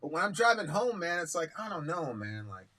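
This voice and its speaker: Blunt, bright-voiced man telling stories. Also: a little high, a little fast. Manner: blunt, profane, animated storytelling. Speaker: co-host of a live reaction stream. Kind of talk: casual heated discussion.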